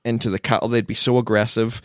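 A man's voice: mid-range voice, level tone, quick pace, no room sound, studio quality. A man chatting casually as a podcast co-host, telling long rambling stories with swearing. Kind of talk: casual chat.

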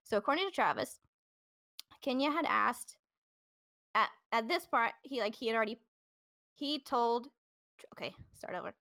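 A woman's voice: on the high side, lively intonation, moderate pace, long pauses, sharp tone, no room sound, clean studio sound. A woman hosting a podcast, telling a true-crime story in a loose, chatty way with plenty of fillers and restarts. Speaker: podcast host. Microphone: podcast microphone.

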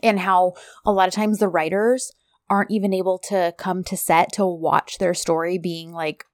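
A woman's voice: fairly low pitch, steady tone, normal speed, dry recording, clean studio sound. A woman co-hosting a podcast in casual chat, talking easily with many fillers. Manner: chatty, lots of fillers and "like". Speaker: podcast co-host.

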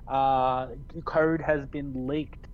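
A man's voice: medium pitch, flat delivery, extremely slow. Laid-back Australian man, slightly muffled sound. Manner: laid-back and meandering, with many fillers. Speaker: podcast co-host. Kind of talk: casual chat.

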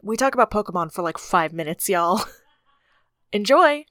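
A woman's voice: medium pitch, moderate pace. A young woman co-hosting a podcast in casual chat, laughing often. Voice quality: laughs often, lively intonation. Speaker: podcast co-host.

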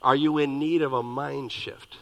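A man preaching a sermon, reading scripture dramatically and talking plainly to the congregation, with big swings between loud and soft. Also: medium pitch, fairly even intonation, a little slow, vocal fry, big-room sound, poor audio. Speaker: pastor.

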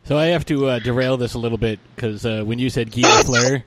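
A man's voice: mid-range voice, fast, very noisy. A man in his thirties co-hosting a podcast, telling rambling, jokey stories in casual chat and swearing now and then. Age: 30s. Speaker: podcast co-host.

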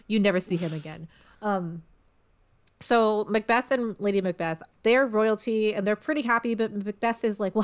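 Giggly young woman retelling a story casually. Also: mid-range voice. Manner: giggly and irreverent, slips into quick voices for characters.

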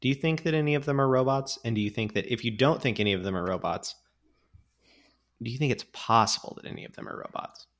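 A man's voice: mid-range voice, quick pace, fairly bright tone. A man appearing as a podcast guest in casual chat, joking and acting out mock quotes of public figures.

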